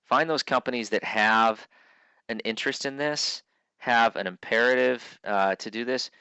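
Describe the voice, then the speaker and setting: A man's voice: medium pitch, steady tone, normal speed, pushed and bright, clear, resonant tone, no echo, poor audio. A man giving a conference keynote speech, telling stories earnestly and often restarting his sentences. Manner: earnest storytelling with frequent restarts. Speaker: keynote speaker.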